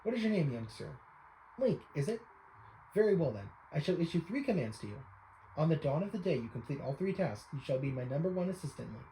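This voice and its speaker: A man's voice: on the high side, big pitch swings, a little fast, mellow, reverberant, a little hiss or hum, low-quality recording. A man voicing an eccentric old male pictograph enthusiast, reading game dialogue aloud in old-fashioned formal speech and calling the listener young sir. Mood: earnest.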